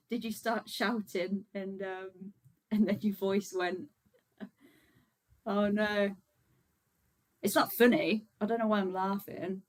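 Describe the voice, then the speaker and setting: A woman's voice: medium pitch, poor audio. A woman hosting a casual livestream, chatting easily with her viewers and stopping often for fillers and small laughs. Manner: chatty and relaxed, many fillers, frequent laughs. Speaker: vegan activist livestream host.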